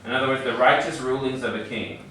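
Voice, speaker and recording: A man's voice: medium pitch, steady tone, fast talker, bright, forceful tone, slight background noise. Man teaching Hebrew in an echoey room. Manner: explains patiently, asks students questions. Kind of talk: classroom Hebrew lesson. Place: classroom in a congregation building. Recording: very echoey room, mic far off.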